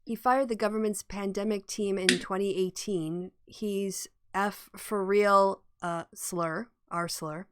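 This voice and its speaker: A woman's voice: medium pitch, steady tone, slow, few pauses, noisy background. A woman hosting a casual podcast chat, teasing and ironic, laughing often. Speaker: podcast host.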